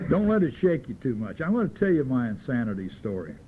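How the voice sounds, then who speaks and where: A man's voice: medium pitch, big pitch swings, normal speed. A man speaks at a recovery meeting in a folksy, wisecracking storytelling manner. His mid-range voice comes through a narrow, phone-like old tape recording. A faint hiss runs under it. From Southern California. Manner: folksy, joking, earthy storyteller. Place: meeting room at a podium.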